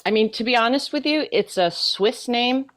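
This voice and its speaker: An older woman, an actress guest in a casual interview, chatting and telling a long joke in an animated way. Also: on the high side, moderate pace.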